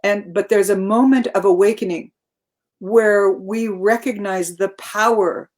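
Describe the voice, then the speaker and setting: A woman's voice: medium pitch, fairly even intonation, a little slow, a little mellow. A woman speaking as a guest on a spiritual talk show, reflective, repeating herself and laughing easily.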